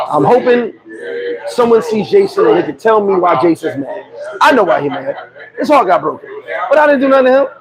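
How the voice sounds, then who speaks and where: Male vlogger, high pitch, animated and joking rant, street crowd audible behind. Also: poor audio. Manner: animated, joking, swears freely. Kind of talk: casual rant to camera.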